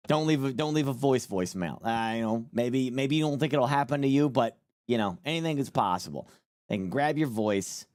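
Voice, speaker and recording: A man's voice: medium pitch, a little mellow, no echo. A man live-streaming casual commentary, rambling and joking with plenty of swearing. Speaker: streamer reacting to a news clip.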